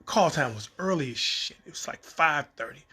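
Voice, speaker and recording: A man casually telling a story from his time on set, lively and acting out the exchanges. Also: on the high side, normal speed, slightly rough. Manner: animated, acts out quoted exchanges. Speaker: storyteller recounting a set experience.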